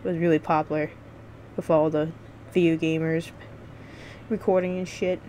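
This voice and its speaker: A woman's voice: sits low, little pitch movement, moderate pace, mellow, a little hiss or hum. A woman vlogging casual game reviews, rambling and swearing freely with lots of restarts.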